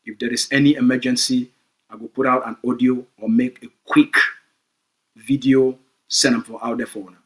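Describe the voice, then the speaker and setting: A man's voice: mid-range voice, little pitch movement, moderate pace. A man with a Cameroonian Pidgin English accent, giving an emphatic, repetitive political address to supporters as a movement spokesman.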